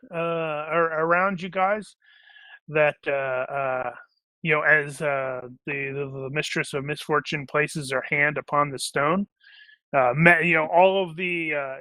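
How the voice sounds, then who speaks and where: Game master, male, rambling narration, tense bright tone, dry close mic. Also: a little high, no room sound. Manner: rambling, many fillers and restarts.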